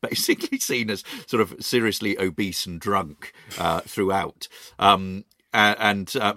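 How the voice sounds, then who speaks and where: A man's voice: low-pitched, pushed and bright, no room sound, clean studio sound. A British man co-hosting a casual chat, telling stories with many ums and restarts. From Britain. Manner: hesitant, lots of ums and restarts. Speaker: podcast co-host.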